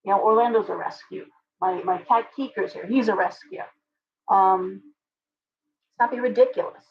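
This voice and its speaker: A woman's voice: mid-range voice, normal speed, highs cut off. Opinionated woman ranting on a live stream. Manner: opinionated, ranting, speaks directly to chat. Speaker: livestream host. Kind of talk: live chat stream answering viewers.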